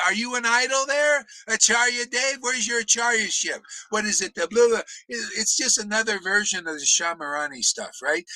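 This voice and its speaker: A man delivers a fierce, profane spiritual rant, lurching between shouts and mocking asides. His voice sits high and cuts with a hard, piercing edge. The sound is close and dry, with no room around it. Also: dry recording, poor audio. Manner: profane, confrontational, often shouting; mocks others in put-on voices. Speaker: spiritual teacher. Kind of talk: impassioned preaching rant.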